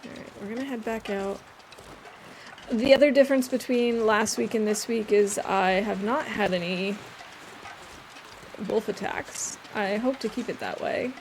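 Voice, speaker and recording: A woman's voice: medium pitch, unhurried, background noise. A woman streamer giving casual let's-play commentary while she plays, chatty and rambling with a self-amused tone.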